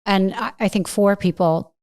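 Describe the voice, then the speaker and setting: Smooth-voiced woman podcast host. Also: medium pitch, fairly even intonation, moderate pace, a little mellow. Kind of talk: interview questions.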